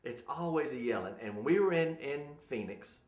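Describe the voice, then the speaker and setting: A man's voice: medium pitch, lively intonation, moderate pace, darkish tone, roomy sound. A man in his forties co-hosting a casual talk show, rambling and chatty and laughing often. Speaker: co-host. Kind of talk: casual chat.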